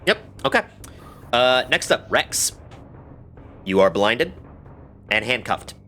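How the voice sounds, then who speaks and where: A man narrating a tabletop game as game master, relaxed and a little hesitant. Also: mid-range voice, slow pace, faint music behind.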